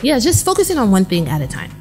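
A woman's voice: fairly high pitch, huge pitch swings, fast. Young woman, actress guest, easygoing chat, light music in the background. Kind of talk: casual interview chat.

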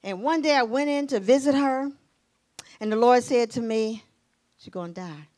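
A middle-aged woman pastor preaching a sermon, telling a personal testimony, dropping to hushed tones and rising to exclamations. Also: on the high side, moderate pace. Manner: emotional testimony, shifting between hushed and exclaiming.

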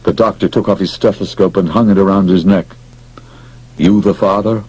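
A man narrating an audiobook in an expressive, dramatic storytelling manner. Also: sits low, quick pace, slightly rough, poor audio.

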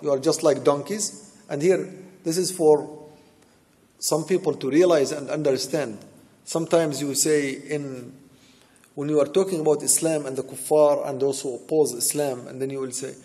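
A man's voice: on the high side, moderate pace, warm tone, long reverb tail. A man giving an impassioned, emphatic sermon that explains Quran verses, breaking into Arabic recitation. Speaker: preacher.

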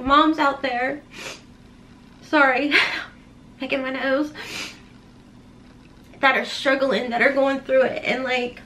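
Woman beauty vlogger, high bright voice, rambling heartfelt chat, folksy. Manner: folksy, with playful slang. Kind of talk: casual chat while doing makeup.

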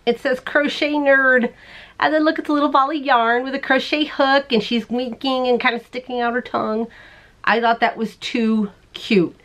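A woman hosting a crochet show, chatting casually to the camera in a bubbly way, laughing often and putting on silly squeaky voices. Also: steady tone, normal speed, a bit bright. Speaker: crochet podcast host.

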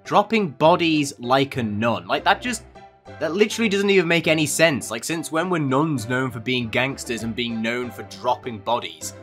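A man's voice: medium pitch, normal speed, fairly bright tone, faint music behind. A man doing comedic reaction commentary, sarcastic and mocking, with lots of rhetorical questions. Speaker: commentary youtuber.

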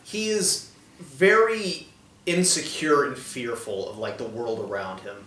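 A man's voice: medium pitch, measured pace, fairly bright tone, roomy sound. A man co-hosting a casual discussion of a TV episode, often agreeing with short replies. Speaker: co-host.

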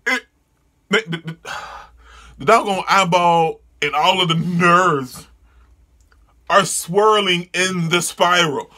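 A man reading a comic aloud and reacting with excited, disgusted exclamations and yelling. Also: sits high, slow pace, long pauses. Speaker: manga reader and reviewer.

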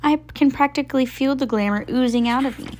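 A woman voicing an excitable, vain female hamster who talks dramatically and gushes, raised higher than her reading voice. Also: fairly quick, a little hiss or hum, close to an everyday voice. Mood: gushing. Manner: dramatic, gushing.

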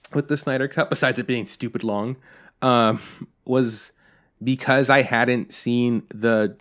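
A young man co-hosting a podcast, telling a story in a casual, animated way, swearing and acting out what people said. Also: mid-range voice. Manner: animated, swears a lot, acts out quotes. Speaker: podcast co-host.

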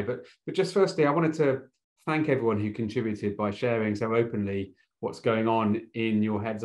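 Man host, lowish voice, thinks while asking, trips on words a bit. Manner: thoughtful, with small restarts. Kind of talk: interview questions.

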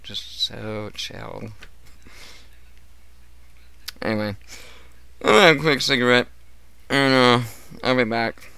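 Streaming a casual chat, a man with a mid-range, sharp-toned voice speaks at normal speed over a bit of hiss or hum. He rants profanely as he tells stories, acting out his coworkers and the other people in them.

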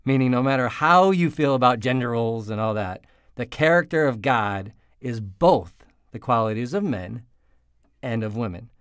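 A man's voice: medium pitch, animated, normal speed, a bit bright, clean tone, no echo, studio quality. A man hosting a podcast, speaking in an earnest, reflective way and leading into the next guest. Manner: earnest, reflective, leads the segments. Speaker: podcast host.

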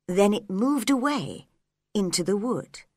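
A woman reading a story aloud for English learners, clear and careful. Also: mid-range voice, lively intonation, a little slow, dry recording, clean studio sound.

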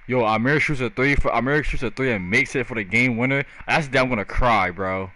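Slangy young gamer dude. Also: male voice, medium pitch, fairly quick, pushed and bright. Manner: laid-back, slangy trash talk. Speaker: gaming streamer. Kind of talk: casual live gameplay commentary.

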